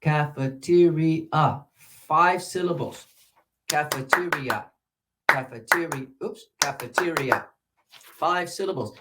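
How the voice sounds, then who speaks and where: Guy running a teacher workshop on a mic, lively, sounds out words slow then fast. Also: fairly high pitch, slight background noise. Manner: animated, demonstrative, drawing out words. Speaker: English teacher trainer. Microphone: microphone.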